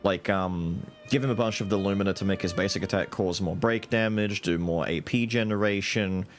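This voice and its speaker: A man's voice: low-pitched, moderate pace. A young man streaming a video game, chatting casually with jokes and rambling asides. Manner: animated, joking, rambling. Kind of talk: casual live gameplay commentary. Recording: game music in background.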